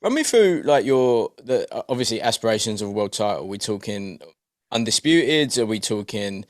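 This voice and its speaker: A man's voice: lowish voice, big pitch swings, moderate pace. A man hosting a casual podcast who asks loose questions full of banter. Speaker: podcast host.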